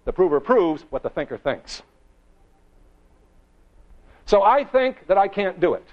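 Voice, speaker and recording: Guy running a motivational seminar, kinda high voice, asks the crowd stuff, dull lo-fi audio. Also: sing-song, measured pace. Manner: emphatic, rhetorical questions, shifts pace and volume for effect. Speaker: motivational speaker. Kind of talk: seminar talk to a live audience. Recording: dull lo-fi recording.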